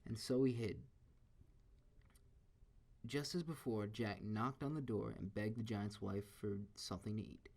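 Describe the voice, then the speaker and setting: A man reading a children's story aloud in a steady, expressive way. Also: on the low side, unhurried, gravelly, long pauses.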